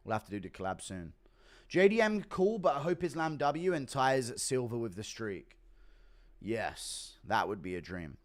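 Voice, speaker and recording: A young man live streaming, casually reading out donations and rambling with a lot of swearing and sarcasm. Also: mid-range voice. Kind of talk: casual chat.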